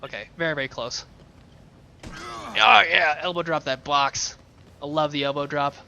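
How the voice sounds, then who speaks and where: A chatty man rambles playfully through a game session, his voice bright and slightly high. He jokes and muses in loose, casual commentary. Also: measured pace, gravelly, a little hiss or hum. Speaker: let's play gamer.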